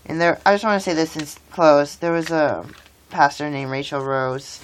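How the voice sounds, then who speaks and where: Low-pitched woman in her thirties, vlogger who rambles on and on, faint noise in the background. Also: steady tone, moderate pace. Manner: rambling, talks while building with toy bricks. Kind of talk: rambling casual vlog.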